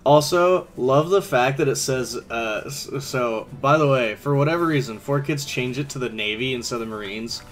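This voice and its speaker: A man's voice: medium pitch, moderate pace, few pauses, soft background music. A man streaming a game, rambling in casual commentary and laughing often.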